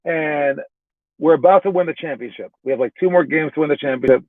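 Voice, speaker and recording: A man's voice: a little high, fairly quick, no echo. A young adult male basketball coach recapping a training session and telling a story in a casual, chatty way, with fillers and restarts. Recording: tinny phone-like sound.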